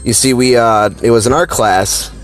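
A man of ordinary middle pitch spinning a childhood anecdote, loose and rambling, full of "uh" and "like". He gets animated as the story builds, with faint music playing underneath. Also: normal speed. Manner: rambling, filler-heavy, animated. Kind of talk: casual personal story.

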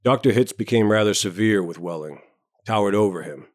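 A man with a lowish voice reads a story aloud in a measured, even way. The sound is close and dry, with no room around it. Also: no room sound. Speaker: narrator. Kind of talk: scripted story narration.

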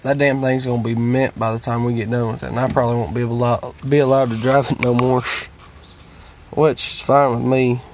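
A man's voice: mid-range voice, little pitch movement, fairly quick, a little hiss or hum. A worn-out man rambling profanely to his viewers from home, drawling through stories with lots of fillers. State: worn out and tired. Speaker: vlogger. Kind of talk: rambling casual monologue to viewers. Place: at home, sitting.

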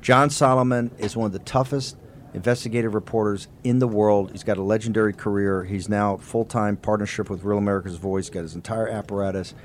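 A man's voice: fairly low pitch, fairly even intonation, a little fast, slight background noise. A man hosting a political talk show, delivering an impassioned, rambling monologue full of emphatic repetition. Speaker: host.

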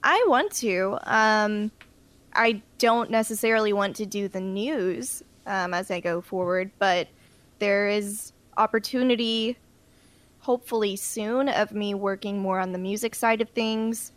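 A woman's voice: medium pitch, measured pace, dry recording. A young woman in radio chatting casually, rambling a little with frequent ums as she talks about her career plans. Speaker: radio news presenter. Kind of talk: casual chat.

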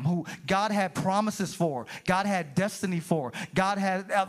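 A man pastor preaching an impassioned sermon to a church congregation, calling out to the room. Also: high voice. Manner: impassioned preaching, calls to the room, rising and falling. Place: church sanctuary.

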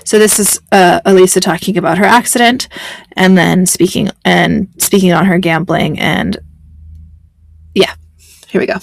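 A woman's voice: on the low side, steady tone, moderate pace, creaky, dry recording. A woman hosting a podcast, chatting casually in a rambling, self-deprecating way. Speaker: podcast host. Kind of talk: casual chat.

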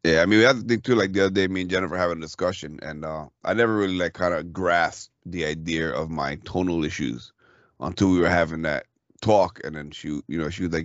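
Deep-voiced man telling a candid story. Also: fast talker, no echo, muffled recording. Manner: candid storytelling, swears casually, acts out dialogue. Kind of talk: casual conversation.

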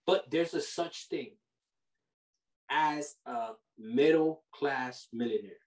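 A man hosting a podcast. He gives money advice in a casual, animated, preachy way, full of slang like "bro" and "yo". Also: medium pitch, slow, far from the mic. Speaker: podcast host. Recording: roomy sound from off the mic.

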